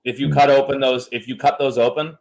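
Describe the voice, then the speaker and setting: A man in his thirties hosts a casual podcast and tells stories with animated, joking energy. His voice sits in a middle pitch. He swears freely and easily. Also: fairly quick, gravelly, rough recording. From United States. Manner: animated storyteller, jokey and profane. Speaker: podcast host. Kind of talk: casual chat.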